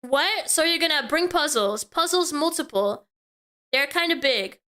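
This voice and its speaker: A woman VTuber reads messages aloud and stops to react in disbelief. Her voice sits high and comes across bright and sharp. She talks in an exasperated reaction-commentary manner. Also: lively intonation, a little slow. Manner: exasperated, incredulous remarks.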